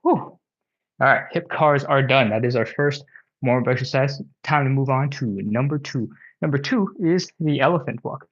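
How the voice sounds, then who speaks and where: A man of medium pitch leads a home stretching session, counting reps and talking through each move in an easygoing, encouraging way. He sounds slightly winded from the exercise, and the recording is a little dull and lo-fi. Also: normal speed. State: out of breath. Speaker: stretching instructor. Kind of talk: live workout instruction. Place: home workout space.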